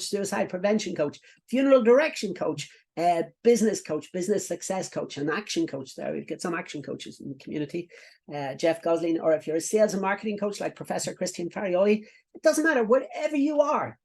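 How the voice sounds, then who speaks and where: A man's voice: high voice, creaky. Chatty middle-aged man giving coaching instructions. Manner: instructive, repeats himself, many fillers and asides. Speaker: business coach. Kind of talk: recorded coaching lesson.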